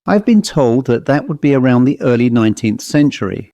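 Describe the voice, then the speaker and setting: A man's voice: medium pitch, lively intonation, brisk, dark tone, no room sound, natural voice. Man voicing a proud provincial English bobby in an audiobook, polite and probing; dry, close sound. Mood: uneasy. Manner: polite, inquisitive, increasingly uneasy. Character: rotund mid-thirties village police constable, proud.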